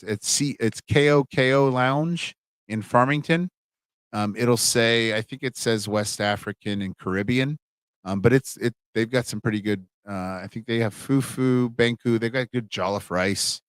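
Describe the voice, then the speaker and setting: A man's voice: medium pitch, measured pace, a bit bright, clear, resonant tone, dry recording. A middle-aged man, a college humanities instructor, wrapping up a livestream class in a chatty, rambling way with lots of fillers and restarts. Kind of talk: casual livestream class wrap-up.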